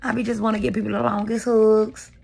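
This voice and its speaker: A woman's voice: a little high, little pitch movement, fairly quick, vocal fry, mellow, slightly rough. A woman vlogger talking candidly to camera, rambling and confessional as she vents. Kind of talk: venting to camera. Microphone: camera mic.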